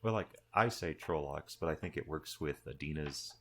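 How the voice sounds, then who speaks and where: Very deep-voiced man player, wry jokes, faint hiss behind. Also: brisk. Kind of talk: casual tabletop game chat.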